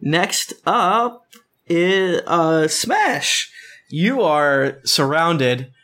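A man narrating a tabletop game session as its game master, with a bright, forward tone. He talks in a playful, rambling way, stumbling and restarting as he describes the action. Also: fairly high pitch, animated, extremely slow.

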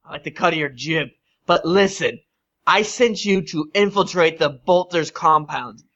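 A man's voice: on the high side, a little slow, a bit bright. Man voicing a blustering crime boss. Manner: crude, blustering threats. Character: lazy scheming male crime boss. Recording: dull lo-fi table recording.

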